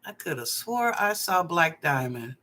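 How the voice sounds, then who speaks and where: Woman psychic host, live online readings from her apartment; bright tone, chatty and animated, drawls phrases for effect. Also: sits low, a little slow. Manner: animated and playful, drawing out phrases, chatty asides. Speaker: psychic reader and show host. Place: apartment at home.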